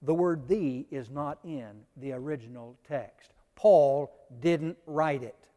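A man's voice: a little high, slow pace, mellow, long reverb tail. A man preaching a Bible lesson to a congregation, emphatic and direct, repeating his key points. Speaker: preacher teaching a Bible class. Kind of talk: sermon-style Bible lesson.

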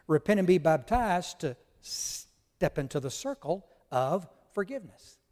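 With a high, slightly mellow, sing-song voice, a male pastor delivers an unhurried sermon. He teaches with emphasis and spells out Greek words to the congregation, all under long hall reverb.

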